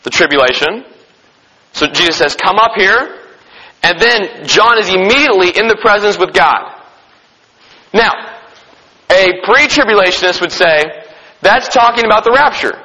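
A man teaching a Bible lesson. He asks the listeners questions and answers them himself, and he reads scripture aloud slowly. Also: high-pitched, pushed and bright, slightly rough, big-room sound, low-quality recording. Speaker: preacher teaching a Bible study.

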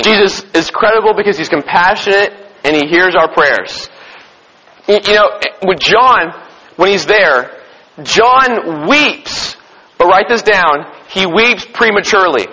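A man's voice: high-pitched, a bit bright, husky. A man preaching a sermon with emphatic repetition, often putting questions to his listeners. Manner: emphatic, repeats key phrases, asks the congregation questions. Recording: dull recording with long hall reverb.

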